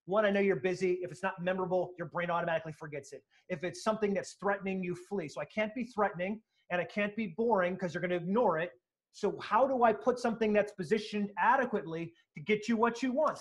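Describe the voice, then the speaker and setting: A man being interviewed as a sales author, telling stories with energy and emphasis, acting out quotes and swearing now and then. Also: high-pitched. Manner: animated, emphatic, acts out quotes, occasional profanity. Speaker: sales speaker and author, guest.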